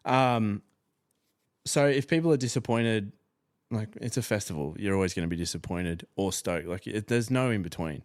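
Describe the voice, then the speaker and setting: A man's voice: on the low side, normal speed, no echo, clean studio sound. A young man co-hosting a music podcast in casual, playful chat that often trails off. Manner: laid-back, playful, trails off. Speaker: podcast co-host.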